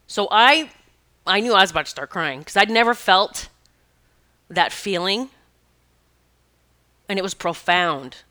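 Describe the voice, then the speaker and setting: A woman tells a personal story in a loose, earnest way, often stopping to correct herself. Her voice is bright and tense at the edges, smooth and crisp. She speaks as an animal communicator and Reiki practitioner. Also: mid-range voice, lively intonation, a little slow, pauses often. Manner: rambling, self-correcting, earnest.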